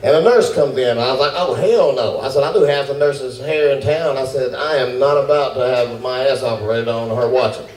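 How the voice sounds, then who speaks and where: A man doing stand-up comedy, telling a fast, animated story and acting out his own panic. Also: mid-range voice. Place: comedy club with laughing audience. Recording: roomy, distant club recording with noise.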